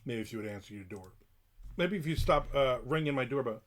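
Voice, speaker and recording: A man's voice: mid-range voice, animated, a little fast. A middle-aged man livestreaming, grumbling and ranting in casual chat about strangers near his house. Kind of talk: casual live-stream rant.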